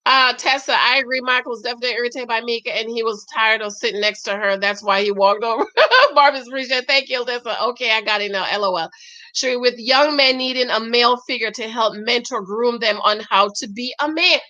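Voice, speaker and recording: A woman's voice: fairly high pitch, brisk, sharp tone, muffled recording. A woman vlogger chatting casually while reading viewer comments, emphatic and talkative, often adding "okay?". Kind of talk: casual live-stream chat.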